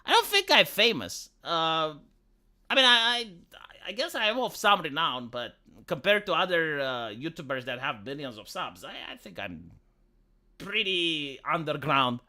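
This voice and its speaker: A woman with a Romanian accent and a squeaky voice, ranting heatedly on a casual live stream and often stumbling over repeated words. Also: big pitch swings, unhurried, sharp tone. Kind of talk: casual livestream chat.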